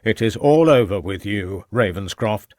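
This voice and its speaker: A man gives voice to a murderous male villain who sneers and gloats as he lays out his schemes. The voice sits low, and the read is dry and close. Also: lively intonation, unhurried, a little mellow, dry recording. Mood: menacing.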